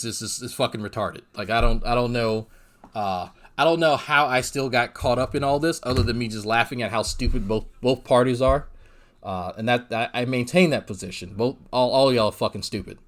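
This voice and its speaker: A man's voice: medium pitch, a bit bright. Profane ranting male streamer. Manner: profane, rambling, frequent restarts and fillers; exasperated, sarcastic. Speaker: drama commentary streamer. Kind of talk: ranting livestream commentary.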